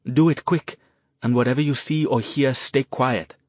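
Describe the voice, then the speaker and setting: A man's voice: medium pitch, normal speed, dry recording, lightly acted. A male narrator voicing a tense street vagrant who gives curt, urgent orders. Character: tense, gruff street vagrant man, commanding.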